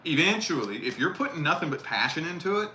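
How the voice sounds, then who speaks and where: A man's voice: fairly high pitch, sing-song, fast, pushed and bright. A man giving casual live tarot readings, blunt and profane, repeating his key phrases. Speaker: tarot reader. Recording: roomy echo with faint noise.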